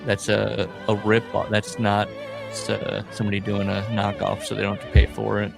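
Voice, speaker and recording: A man's voice: fairly low pitch, completely flat delivery, moderate pace, gravelly, music in the background. A man co-hosting a podcast in casual chat, joking, mocking and laughing often. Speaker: podcast co-host.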